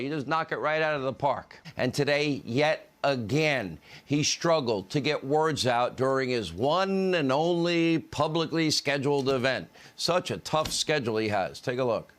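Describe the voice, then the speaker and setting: Male TV commentator, a bit high-pitched, scornful and mocking. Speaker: television commentator.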